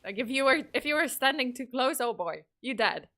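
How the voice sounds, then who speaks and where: A woman's voice: sits high, lively intonation, brisk, pushed and bright. A woman in her thirties from Poland chatting casually on a livestream, rambling, swearing and laughing often. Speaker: streamer.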